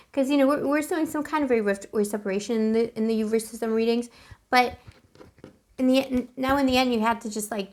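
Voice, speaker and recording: A woman's voice: a little high, a little mellow. A woman giving a casual, chatty tarot reading to camera. She is emotional and keeps calling the listener boo. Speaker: tarot reader.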